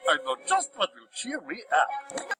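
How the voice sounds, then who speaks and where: A sly sing-songy cartoon schemer, a bit high, music under it. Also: male voice, wildly swooping pitch, a little slow, pushed and bright, slightly rough, dry recording, clean studio sound, heavily acted. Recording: film clip with music, from far off.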